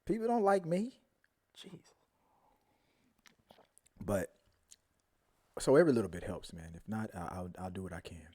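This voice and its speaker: A man hosting a casual live-stream review, rambling and animated, often trailing off into mumbles. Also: fairly low pitch, a little slow, long pauses. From Houston, Texas area. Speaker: show host.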